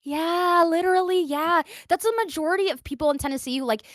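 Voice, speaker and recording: A woman's voice: very high-pitched, fast, no echo. A young woman hosting a podcast, telling stories in casual chat and acting out what other people said. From grew up in Qatar and the American South. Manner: animated storyteller, acting out quoted voices. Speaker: podcast host.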